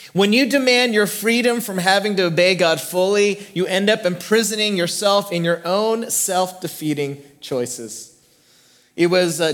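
A middle-aged man, a pastor, preaching a sermon earnestly, his voice climbing in emphatic peaks and then dropping to slow, hushed lines. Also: high voice. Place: church sanctuary.

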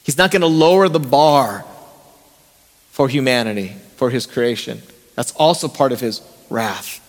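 A man with a medium-pitched voice preaches a conversational sermon as pastor, speaking a little slowly and often putting rhetorical questions to the congregation. The church sanctuary gives the recording a long reverb.

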